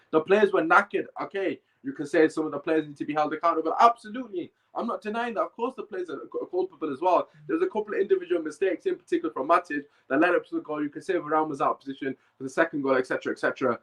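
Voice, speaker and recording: Man, fan podcast host, fired-up rant, coughing, fairly high voice. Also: rough recording. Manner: heated, emphatic, repeats his points. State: bad cough.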